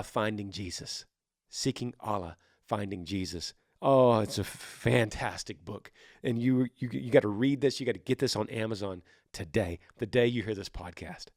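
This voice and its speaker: A man in his thirties hosting a faith podcast, answering a listener in earnest, animated casual talk with frequent restarts, sometimes acting out quoted voices. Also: lowish voice, dry recording, studio quality. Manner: frequent restarts and repeated words. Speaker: podcast host.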